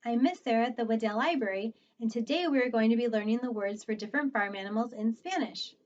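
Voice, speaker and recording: Cheerful high-voiced librarian teaching kids. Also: female voice, darkish tone, dull audio. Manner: cheerful, slow and encouraging, like talking to small kids. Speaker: children's librarian teaching Spanish words. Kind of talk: children's library lesson.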